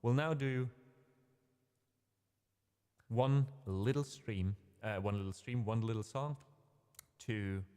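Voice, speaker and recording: A man's voice: fairly low pitch, slow pace, long pauses, dark tone, clear, resonant tone, long reverb tail. A man hosting a casual music livestream, rambling a little, correcting himself and talking to his chat in a friendly way. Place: home streaming room.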